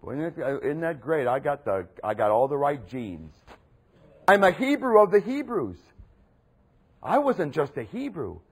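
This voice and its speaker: A man voicing a proud, zealous ancient apostle, boasting in the first person during a sermon, with a husky voice. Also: on the high side, sing-song, moderate pace. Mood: boastful.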